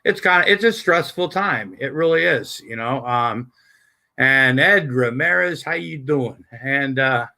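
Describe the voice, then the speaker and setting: Male livestreamer, bright forceful voice, rambling, profane, chatty with viewers. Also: medium pitch, lively intonation, gravelly. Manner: halting, many fillers and restarts. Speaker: livestream host. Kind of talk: casual late-night livestream chat.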